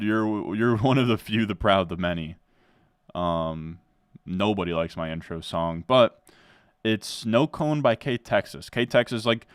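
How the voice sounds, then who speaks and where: With a deep, clear, resonant voice, a laid-back New Jersey guy chats casually on stream as he drafts for fantasy football, replying to chat and saying "dude" a lot. The recording is dry, with clean studio sound.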